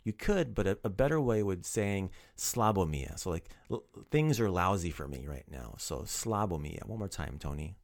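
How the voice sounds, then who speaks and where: A man's voice: deep voice, expressive, moderate pace, vocal fry, few pauses, dry recording. A man teaching a casual podcast language lesson, upbeat and playfully teasing his student.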